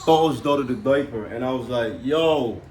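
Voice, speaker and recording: A young man telling the story of his child's birth in a casual chat, animated and laughing, often calling the listener "bro". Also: medium pitch, normal speed, echoey room, background noise.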